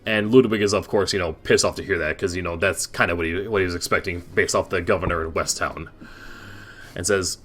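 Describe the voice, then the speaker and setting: Low-voiced man running a tabletop game. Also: fairly even intonation, brisk, fairly bright tone. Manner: rambling, many restarts and fillers. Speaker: game master.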